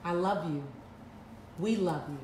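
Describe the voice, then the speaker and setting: A woman's voice: on the low side, a little slow, darkish tone, a little hiss or hum. Emphatic woman preaching to a room. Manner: emphatic, preacherly, repeats lines for effect. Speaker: motivational speaker. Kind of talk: live motivational talk to an audience. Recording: echoey room, mic at a distance.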